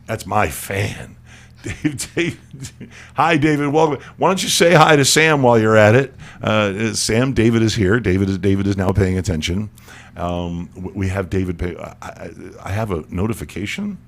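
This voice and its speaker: A man's voice: on the low side, normal speed. Stammering, joking male radio host. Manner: joking, stammering, repeats words, laughs often. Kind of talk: casual chat on an internet radio show. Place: studio.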